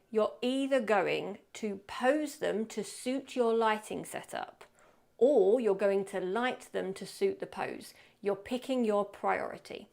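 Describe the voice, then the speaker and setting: A woman's voice: medium pitch, creaky, a little mellow. A woman teaching portrait posing in a studio, talking casually and showing the poses as she explains. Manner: chatty, demonstrates poses while explaining. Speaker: photography workshop tutor. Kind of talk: casual instructional talk. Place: photo studio.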